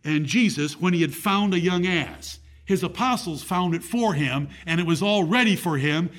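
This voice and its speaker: A man's voice: high-pitched, animated, normal speed. A man preaching a Bible-teaching sermon who reads scripture aloud in a raised, declaiming voice and asks the audience questions. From United States.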